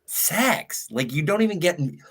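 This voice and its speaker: A woman's voice: deep voice, very animated, moderate pace, breathy edge. A woman on a casual live stream panel with a wry, teasing manner. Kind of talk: casual banter.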